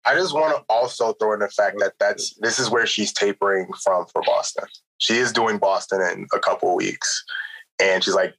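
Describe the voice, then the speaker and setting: A man co-hosts a relaxed podcast conversation. He speaks in a fairly low voice and keeps a matter-of-fact tone. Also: moderate pace, poor audio. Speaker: podcast host. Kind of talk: casual podcast chat.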